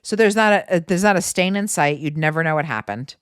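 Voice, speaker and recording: Woman podcaster telling a wild story, swears a lot, lower voice but swoops all over, dry close sound. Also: brisk, clean tone, dry recording. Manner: animated, swearing, breaks into laughter. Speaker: podcast host. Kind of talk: casual storytelling monologue.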